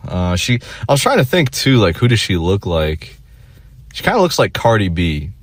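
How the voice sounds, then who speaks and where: A man's voice: lowish voice, very animated, moderate pace, no echo, clean studio sound. A young man telling a rambling, profane story in a casual monologue, full of fillers and restarts. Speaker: vlogger.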